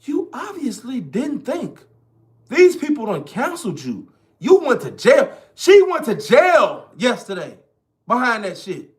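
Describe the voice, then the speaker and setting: Man, online commentator, casual rant, profane, emphatic, lively pitch swings. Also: a little slow.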